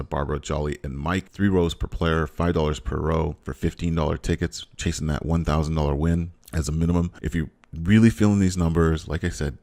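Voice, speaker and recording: A man hosting a lottery strategy video, running through number sets in a fast, repetitive, hyped-up patter full of catchphrases. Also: a bass voice, a little mellow. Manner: repetitive, hypes up bets with catchphrases. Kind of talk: fast upbeat instructional patter.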